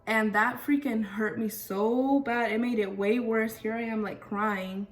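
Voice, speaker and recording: A woman's voice: fairly high pitch, fairly even intonation, a little slow. A young woman vlogger telling a casual storytime, chatty and full of fillers. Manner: chatty, lots of fillers and "freaking". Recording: voice a bit far from mic.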